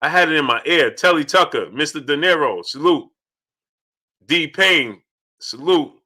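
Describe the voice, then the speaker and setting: Bright-voiced animated male boxing host. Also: fairly high pitch, measured pace. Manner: animated, repeating shout-outs to viewers. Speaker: boxing talk show host. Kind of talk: livestream commentary reading out super chats.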